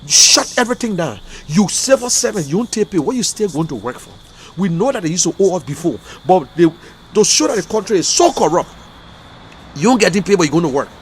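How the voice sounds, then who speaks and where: A man with a Liberian English accent speaks in a high voice as an online show host. His delivery is impassioned and emotional, and he hammers points home by repeating words. A faint hiss runs under the recording. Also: sing-song, brisk. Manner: emotional, fiery, repetitive outbursts. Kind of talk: impassioned livestream commentary.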